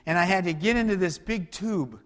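Male pastor, slightly high voice, chatty sermon delivery, long hall reverb. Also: fairly quick. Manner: conversational preaching with rhetorical questions and wide swings in loudness.

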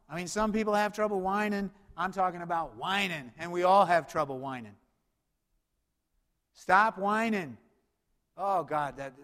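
A man preaching a sermon, swinging between loud, urgent stretches and low, quiet emphasis. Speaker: pastor. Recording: long hall reverb.

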